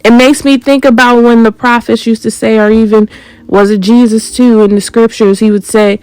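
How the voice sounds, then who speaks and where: A woman's voice: on the high side, fairly even intonation, normal speed, darkish tone, clean tone, dry recording, low-quality recording. A woman hosting a spiritual channel, speaking in an unscripted monologue that is confrontational and full of emphatic rhetorical questions.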